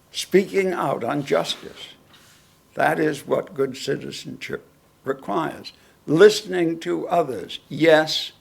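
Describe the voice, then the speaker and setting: A man, a guest lecturer, answering audience questions in a lecture hall in a deliberate, wry manner. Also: on the high side, creaky, breathy edge.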